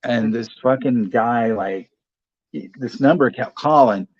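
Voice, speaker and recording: A man's voice: medium pitch, slow pace, no room sound. A man telling stories in casual, profane stream chat, laughing at his own tales. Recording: dull lo-fi sound.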